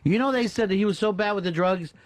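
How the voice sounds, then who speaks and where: A man's voice: high voice, fast talker, dry recording. A man hosting a radio talk show, chatting casually with his co-host and callers in a wry, joking and profane way. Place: radio studio. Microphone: studio microphone.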